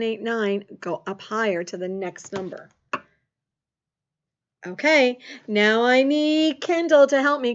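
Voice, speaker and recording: A woman's voice: a little high, highs cut off. A woman teaching a second grade math lesson, calling on students by name and cheering them on. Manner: encouraging, upbeat, calls on students by name. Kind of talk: remote math lesson for children.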